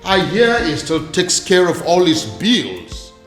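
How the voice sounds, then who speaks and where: A man's voice: high-pitched, wildly swooping pitch, takes it slowly, echoey room, faint music behind, full character voice. A stern, commanding king. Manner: authoritative, commanding. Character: stern king, father of a princess.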